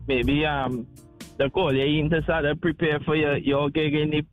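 Easygoing trini guy calling the radio, slightly high voice, music in the back. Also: little pitch movement, normal speed, phone-quality sound. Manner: easygoing, laid-back, loose slang. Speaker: caller. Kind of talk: casual phone-in chat.

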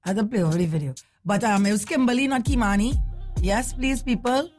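A young woman, hosting a casual morning radio show, lively and chatty. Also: medium pitch, fast talker, soft background music. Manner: lively, chatty, laughs often.

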